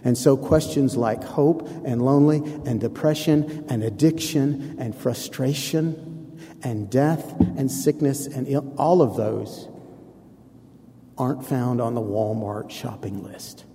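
A man's voice: medium pitch, slow, warm tone. A man preaching a sermon to a congregation, conversational with playful asides to the listeners. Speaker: pastor. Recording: long hall reverb.

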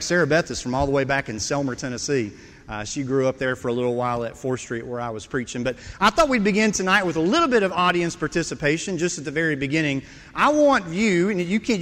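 A man's voice: fairly high pitch, fairly bright tone. A man preaching a sermon as a guest, jokey and drawing the congregation in. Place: church sanctuary. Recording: church hall reverb.

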